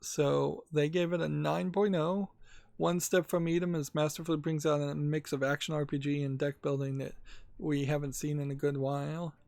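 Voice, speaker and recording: A man hosting a gaming channel, talking casually about game news in a rambling, halting way with many fillers. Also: a little high, flat delivery, gravelly, darkish tone, no room sound, clean studio sound.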